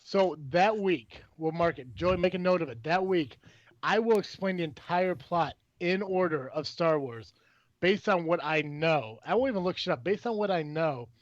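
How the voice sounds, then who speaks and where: Podcast host, adult man, rambling and profane, somewhat high voice, dull lo-fi dry recording. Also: expressive, moderate pace, no echo. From Illinois. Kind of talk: casual chat.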